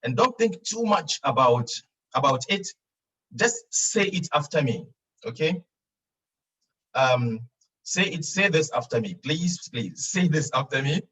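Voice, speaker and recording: Slow-talking male Arabic teacher, distant mic. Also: fairly high pitch, a bit bright, breathy edge. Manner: patient, repeats phrases for students to echo. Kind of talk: online language lesson.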